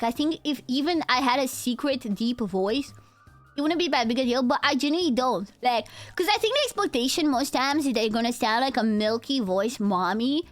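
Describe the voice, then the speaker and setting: A woman's voice: high-pitched, no echo. A woman in her twenties with a nasal voice, a VTuber chatting casually and directly with her live-stream chat. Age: 20s. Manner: chatty, talks straight to her chat, drifts between tired and energetic.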